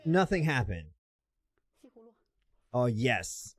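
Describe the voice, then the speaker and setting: A man's voice: medium pitch, lively intonation, a little slow, darkish tone. A man hosting a casual reaction video, teasing and chuckling at what he watches.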